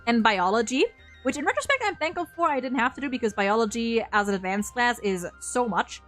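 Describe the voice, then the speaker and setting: A woman's voice: a little high, expressive, a little fast, fairly bright tone, soft background music. A young woman from Germany with a slight German accent, chatting casually on a live stream in a rambling way, with lots of fillers and free swearing.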